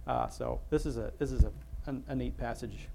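A man's voice: mid-range voice, a little fast, vocal fry, mellow. A male pastor giving an informal, rambling sermon, full of asides, restarts and self-interruptions.

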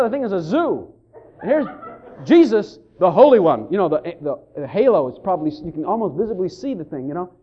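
Animated high-pitched male preacher. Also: lo-fi sound. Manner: animated, acts out quoted voices, folksy asides. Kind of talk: sermon.

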